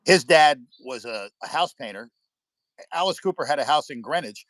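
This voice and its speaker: A man's voice: medium pitch, lively intonation, normal speed, a bit bright, no room sound. A man from the United States hosting a live stream, chatting with viewers and telling rambling stories, swearing freely. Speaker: livestream host. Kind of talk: casual chat with viewers. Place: indoors at home by a window.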